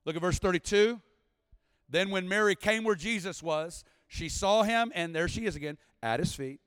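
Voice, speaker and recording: Male preacher, high voice, dry close sound, rising to shouted, sung-out climaxes. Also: moderate pace, clear, resonant tone, no room sound, big-room sound. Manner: impassioned, builds to shouting and sing-song preaching. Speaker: guest preacher. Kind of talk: sermon. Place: church service.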